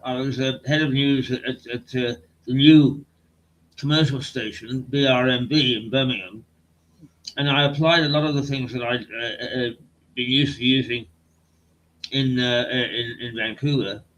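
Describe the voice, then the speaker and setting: A man's voice: mid-range voice, a bit bright, low-quality recording. An older man from the English Midlands, hosting an online talk show and telling rambling, hesitant stories of his broadcasting days. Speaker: host and veteran broadcaster. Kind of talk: conversational interview. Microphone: video call.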